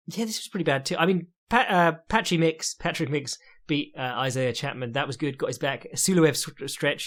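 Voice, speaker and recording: A young man hosting a podcast alone, giving casual fight commentary in a sardonic, profane manner with quick asides. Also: fairly high pitch, fairly bright tone. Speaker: podcast host and fight analyst.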